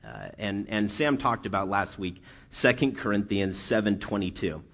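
A man preaching in a loose, conversational way, circling back with "right?" and stumbling through restarts. His voice sits fairly low, and the recording has a muffled, lo-fi dullness to it. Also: animated, moderate pace. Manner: chatty and self-deprecating, many restarts and "right?" tags. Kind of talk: casual sermon. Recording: dull lo-fi sound.

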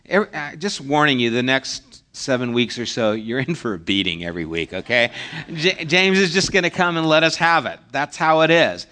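A man giving a conversational sermon as a pastor, acting out little dialogues and dropping to a hushed voice for emphasis. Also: mid-range voice, animated, normal speed. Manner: conversational preaching, acts out mock dialogues, drops to a hushed voice.

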